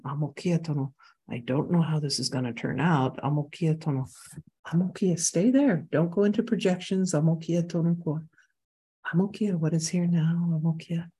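Healer, workshop talk, chanted syllables mixed in, gentle guiding, easy laughs, slightly husky. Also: mid-range voice. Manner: weaves chanted syllables into plain speech. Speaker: spiritual healer guest.

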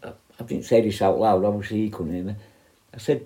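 A man's voice: fairly low pitch, normal speed, dark tone. A man with a casual, rambling way of talking, telling a story about his work as a prison negotiator and often correcting himself. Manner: rambling, self-correcting, acts out quoted voices.

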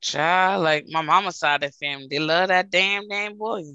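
A woman with a lowish, clean voice speaks at normal speed as a podcast co-host, chatting casually and telling jokey family stories in an animated way. The recording has no room sound and its highs are cut off.

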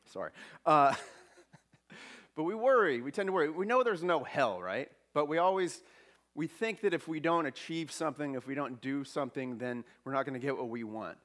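A man's voice: medium pitch, a bit bright. A man giving a spiritual talk at a church service, conversational and self-deprecating with humor.

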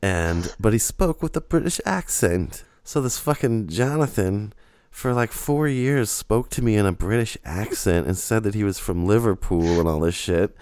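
A man with a lowish voice telling a rambling story on a podcast, casual and full of swearing, laughing as he goes. The sound is dry and close, with no room around it. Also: moderate pace, no room sound. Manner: profane, rambling and animated, with frequent laughter. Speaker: podcast co-host.

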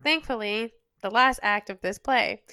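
A woman co-hosting a casual fan podcast, animated and sarcastic, laughing often as she recaps. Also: a little high, a little slow, smooth, no echo, clean studio sound. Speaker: podcast co-host.

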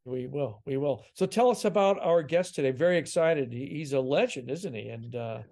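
A man's voice: a little high, normal speed, vocal fry, darkish tone. A man co-hosting a podcast, talking in an upbeat, jokey, casual way. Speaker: podcast co-host.

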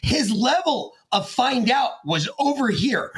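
A man co-hosting a podcast, commenting on clips in a loud, excitable way and swearing freely. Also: extremely high pitch, unhurried, breathy edge, no echo. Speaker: podcast co-host. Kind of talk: crude, profane casual commentary.

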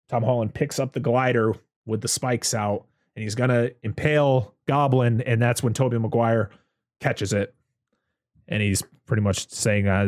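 A man's voice: on the low side, a little mellow, dry recording, clean studio sound. A man hosting a casual chat, rambling through a movie recap and swearing freely.

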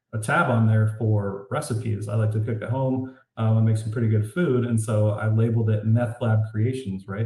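A man being interviewed as an author, telling stories casually and animatedly, saying "like" a lot with a disbelieving tone. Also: lowish voice. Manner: animated, says "like" often, incredulous. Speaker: author guest. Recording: roomy echo.

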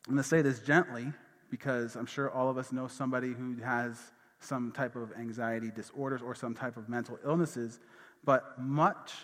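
With a medium-pitched, fairly bright voice, a man preaches as pastor, sharing personal stories in a relaxed way packed with fillers and side comments. The recording carries a long hall reverb.

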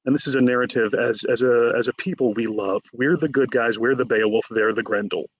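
A man, an author guest in a conversational interview, retelling stories in a lively way and acting out the quotes. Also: mid-range voice, fairly quick, husky, dry recording, lo-fi sound. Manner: animated storyteller, acts out quotes.

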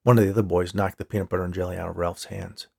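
A man reading a story aloud with a steady storytelling delivery. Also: low voice, very fast, gravelly, breathy edge. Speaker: story reader. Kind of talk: audiobook narration.

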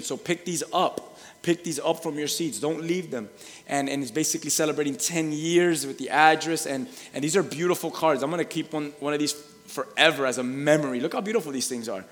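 A man who is a pastor giving church announcements, stumbling over restarts and working up to loud, excited calls to the congregation. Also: on the high side, a little hiss or hum. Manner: repetitive stammering restarts, then shouting and laughing. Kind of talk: church announcements building to a shouted sermon-style hype. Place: large church hall. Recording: long hall reverb.

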